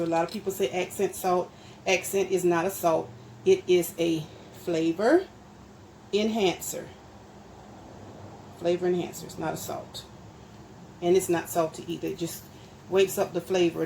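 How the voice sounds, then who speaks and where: A woman's voice: lowish voice, vocal fry. A woman hosting a casual cooking demonstration, chatting straight to her viewers and explaining each step as she stirs and measures. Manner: explains steps while stirring and measuring. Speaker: home cook and channel host. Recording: steady background noise.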